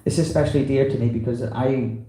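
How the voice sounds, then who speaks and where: Man, visiting preacher, loose conversational talk, very dark tone, echoey temple room. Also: mid-range voice, steady tone, fast talker. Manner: rambling and conversational, full of "you know". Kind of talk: informal talk to a temple congregation. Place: temple hall.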